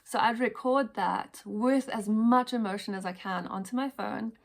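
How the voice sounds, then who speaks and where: A woman talking casually and gently to camera about self-help habits, chatty and full of fillers and repetitions. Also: a little high, normal speed, gravelly. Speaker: wellness vlogger. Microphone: headphones on.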